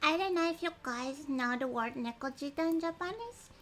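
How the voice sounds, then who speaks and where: Woman game streamer, casual and chatty, many ums; high pitched, crisp and bright. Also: expressive, moderate pace, faint music behind. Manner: chatty, giggly, frequent ums. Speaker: streamer playing a story game. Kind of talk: casual livestream chat and reading game text aloud.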